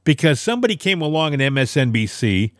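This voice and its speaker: A man's voice: on the high side, very animated, fast, fairly bright tone, dry recording, clean studio sound. A man co-hosting a casual political talk show, telling stories in an emphatic, opinionated way. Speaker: podcast co-host.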